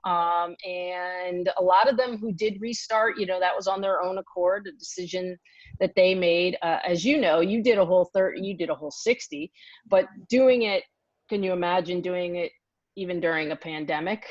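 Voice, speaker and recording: A woman health coach hosting an interview, asking questions in a halting way with many fillers. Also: lowish voice, steady tone, no echo. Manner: halting, lots of "uh" and restarts. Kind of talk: casual interview. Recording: dry, dull lo-fi sound.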